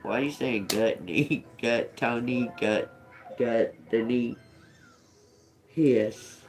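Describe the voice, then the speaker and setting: A woman's voice: extremely low pitch, drawn-out words, darkish tone. A woman giving a live-stream tarot reading, thinking aloud, repeating single words to herself, blunt and profane, often chuckling. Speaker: tarot reader.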